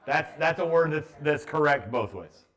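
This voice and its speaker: A man's voice: a little high, expressive, normal speed, fairly bright tone. A man teaching a math class to students, talking in a joking, offhand way.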